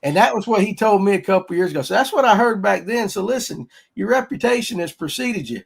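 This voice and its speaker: A man's voice: sits high, expressive, fast, creaky, breathy edge. Folksy man hosting a podcast. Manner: folksy, rambling, upbeat. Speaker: podcast host. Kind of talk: casual fishing podcast chat.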